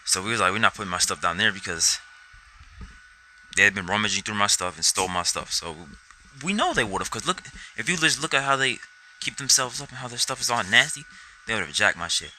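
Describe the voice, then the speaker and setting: A man's voice: fairly low pitch, lively intonation, brisk, bright, forceful tone, a little hiss or hum, poor audio. A young man telling a rambling personal story to camera, swearing constantly and acting out his own reactions. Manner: rambling, heavy swearing, acts out quotes. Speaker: vlogger.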